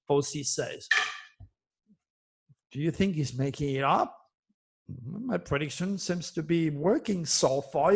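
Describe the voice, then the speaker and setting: A man with a slightly high voice gives solo commentary as an astrologer offering predictions. He reads news headlines and preaches with impassioned emphasis, repeating phrases for effect.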